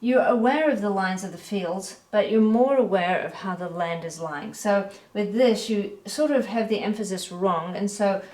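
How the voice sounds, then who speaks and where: A woman giving a relaxed, chatty painting critique as an art teacher, correcting herself as she goes. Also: medium pitch, moderate pace, few pauses. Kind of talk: painting critique, talking while pointing. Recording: echoey room.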